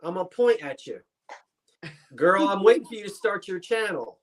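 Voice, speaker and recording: A man's voice: sits high, big pitch swings, moderate pace, a crowd in the background. A man co-hosting a casual live-stream chat, teasing playfully and telling stories. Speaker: co-host.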